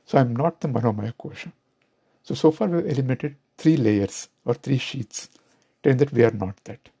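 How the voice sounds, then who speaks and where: A man's voice: medium pitch, moderate pace, gravelly, warm tone, husky. A man with an Indian English accent giving a reflective spiritual talk, asking rhetorical questions as he goes. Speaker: spiritual teacher.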